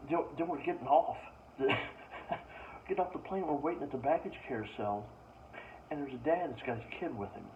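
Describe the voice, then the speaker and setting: A young man rants in exasperated disbelief, spinning casual comic stories. His voice sits at an ordinary middle pitch. The recording is distant and muffled, with a faint ambient hiss behind him. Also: a little fast. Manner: exasperated, ranting. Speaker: stand-up comedian. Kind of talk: casual comedic storytelling. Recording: distant mic, dull lo-fi sound, faint ambient noise.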